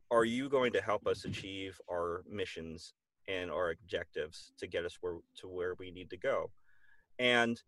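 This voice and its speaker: A man's voice: deep voice, a bit bright, dry recording. A man as a guest on an interview show, speaking thoughtfully with many fillers and restarts. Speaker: guest, military veteran. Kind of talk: casual conversational interview.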